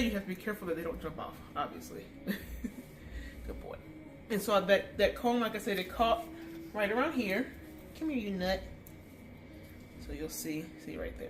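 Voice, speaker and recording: A woman's voice: medium pitch, a bit bright. Woman groomer talking thru a brushing tutorial, cooing at the dog, roomy echoey space. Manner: chatty, coos baby talk at a wiggly dog between explanations. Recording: roomy with faint background noise.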